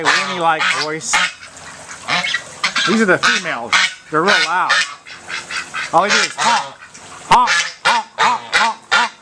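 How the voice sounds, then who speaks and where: A man's voice: on the high side, very noisy. A man on an outdoor porch teasing his farm birds in a playful way and mimicking their quacks with whacks. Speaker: urban farmer showing his birds. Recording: loud honking geese nearby.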